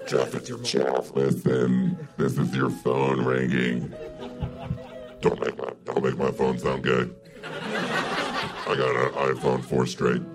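A man voicing a tough, touchy devil with a feminine temper, gravelly and growling, ranting and swearing in a live comedy bit. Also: rumbling low, pitched below the performer's own voice, full character voice. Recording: live audience laughter audible. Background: audience laughing.

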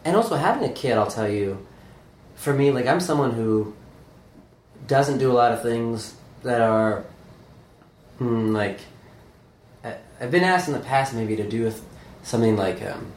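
A man's voice: medium pitch, lively intonation, measured pace, pauses often. Hesitant self-deprecating man in echoey room. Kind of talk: casual anecdote. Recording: echoey room, faint background hum.

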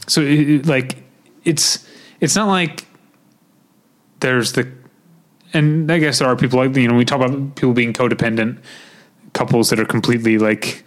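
A man's voice: mid-range voice, steady tone, moderate pace, long pauses. A man with a Midwestern accent co-hosting a casual podcast chat, rambling with lots of fillers and restarts. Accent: Midwestern American. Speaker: podcast co-host.

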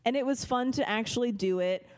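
A woman's voice: a little high, brisk. Chatty self-deprecating woman podcaster. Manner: self-deprecating, rambling with many fillers. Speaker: podcast co-host. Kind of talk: casual chat.

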